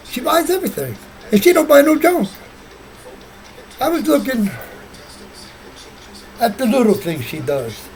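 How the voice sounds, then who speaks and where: A man talks on in a loose, rambling monologue, circling back and repeating himself. His voice sits high and swings widely up and down as he goes. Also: wildly swooping pitch, measured pace, pauses often, a little hiss or hum, low-quality recording. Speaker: vlogger.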